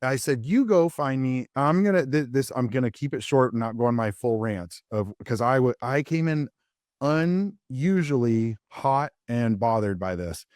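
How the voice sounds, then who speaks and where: A man's voice: medium pitch, lively intonation, moderate pace, a little mellow, dry recording. Male dentist co-host, loose and self-mocking, mid-range voice, dry close mic. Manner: rambling, many fillers and restarts, self-deprecating. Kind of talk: casual storytelling chat.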